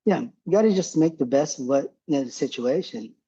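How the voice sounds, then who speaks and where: Profane, laughing man with a husky voice. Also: a little high, lively intonation, brisk, mellow, dull audio. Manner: profane, rambling, laughs often. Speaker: podcast guest, former combat medic. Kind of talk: casual war storytelling.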